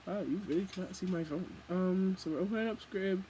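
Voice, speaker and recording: A young woman vlogging casually from home, rambling and animated as she jumps from thought to thought. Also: lowish voice, a little fast, slight background noise, poor audio. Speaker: book vlogger. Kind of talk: casual chat.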